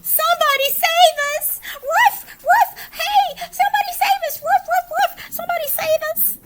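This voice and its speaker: A woman's voice: very high voice, normal speed, heavy background noise, pitched above the performer's own voice. A woman voicing a pack of terrified dogs that sob, bark and shriek in panic in a storybook. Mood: sobbing. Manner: shrieking, sobbing, barking in panic.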